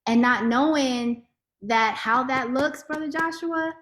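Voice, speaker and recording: Expressive woman, echoey room. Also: sits high, slow pace. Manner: expressive, heartfelt storytelling. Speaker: lawyer and podcast guest. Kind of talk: personal testimony in conversation. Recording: roomy echo.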